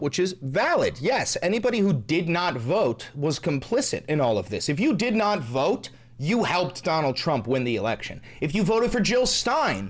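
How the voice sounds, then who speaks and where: A man hosting ranting political commentary, profane, angry and sarcastic, dropping to low asides and then shouting. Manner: swings between low asides and raised shouting.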